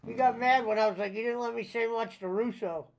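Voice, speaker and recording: A man's voice: very high-pitched, fairly even intonation, a little fast, vocal fry. A man chatting casually while gaming with friends, telling stories and quoting others. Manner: storytelling, swearing, quoting others. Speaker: streamer.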